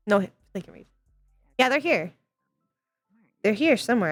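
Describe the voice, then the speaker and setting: A woman's voice: medium pitch, lively intonation, a little slow, dry recording, soft background music. A woman streamer in playful VR role-play, silly and giggly, humming sing-song noises.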